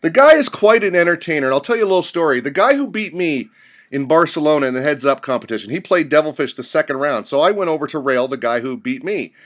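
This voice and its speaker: A man's voice: fairly high pitch, a bit bright. A man hosting an interview, asking questions and telling anecdotes in a conversational way. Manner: conversational, storytelling. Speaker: interviewer host.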